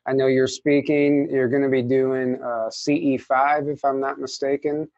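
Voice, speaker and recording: A man hosting a casual interview, relaxed and curious as he asks follow-up questions. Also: medium pitch, moderate pace, no echo. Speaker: host. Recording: dull, dry lo-fi sound.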